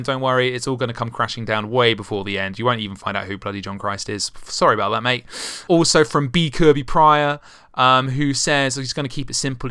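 A man's voice: medium pitch, bright, forceful tone, clear, resonant tone, no room sound, studio quality. A man hosting a podcast and narrating a tabletop game as game master, with jokey, wry asides.

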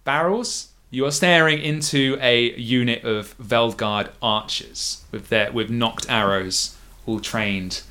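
Halting man narrating a fantasy game. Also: mid-range voice, sharp tone. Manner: descriptive, halting with fillers. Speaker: game master. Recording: music playing behind.

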